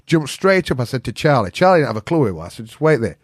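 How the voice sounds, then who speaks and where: A northern English man with a Yorkshire accent spins a rambling, sweary yarn as a podcast guest. His voice sits at an ordinary middle pitch. It is recorded close and dry. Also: rapid-fire, dry recording. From Northern England. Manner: swears freely, animated storyteller who acts out quotes. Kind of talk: casual storytelling.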